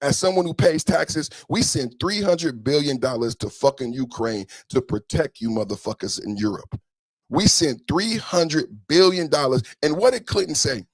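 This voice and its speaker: Fired-up man with a high voice. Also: animated, moderate pace, no echo. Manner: heated, profane, often shouting. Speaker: podcast host. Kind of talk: animated political commentary.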